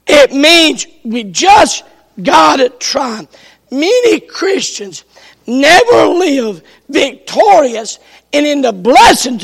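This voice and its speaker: A man preaching a sermon at a slow, deliberate pace, his voice pitched unusually high and gravelly. He is clearly strained and coughing now and then, yet he hammers the same refrain and builds to shouts. The sound hangs in a long church reverb. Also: sing-song. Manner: emphatic, repeats his refrain, rises to shouts. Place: church sanctuary.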